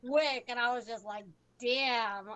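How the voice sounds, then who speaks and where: A woman's voice: a little high, slow pace, a crowd in the background, rough recording. A woman chatting casually with friends, retelling stories animatedly and swearing freely. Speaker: group member. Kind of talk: casual chat, storytelling.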